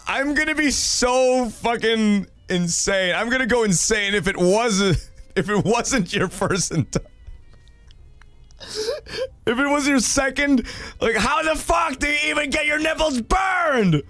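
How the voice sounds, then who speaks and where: A young man hosting a stream, reading viewer stories aloud in a loud, excitable way, swearing and laughing. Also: extremely high pitch, no echo. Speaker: streamer host.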